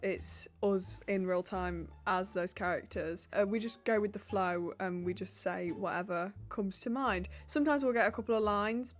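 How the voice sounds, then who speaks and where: A woman, answering viewer questions in a casual vlog, chatty and bubbly with lots of fillers. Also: mid-range voice. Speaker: YouTuber and roleplay voice actor.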